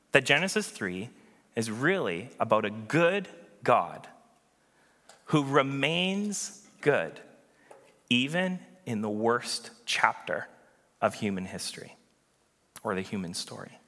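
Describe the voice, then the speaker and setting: Guy preaching, bright voice that swoops up n down, long echo off the hall. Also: medium pitch, sing-song. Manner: earnest, emphatic preaching with dramatic pauses. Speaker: pastor. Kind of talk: sermon.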